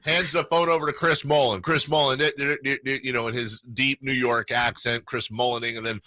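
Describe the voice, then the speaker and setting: A man hosting a sports radio show, telling animated stories in casual banter. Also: medium pitch, no room sound. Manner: animated storyteller, excitable, quick asides. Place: radio studio.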